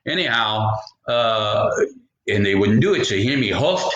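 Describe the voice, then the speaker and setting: A man's voice: on the low side, expressive, measured pace, highs cut off, noisy background. A man telling a folksy story, rambling into jokey asides. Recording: roomy echo.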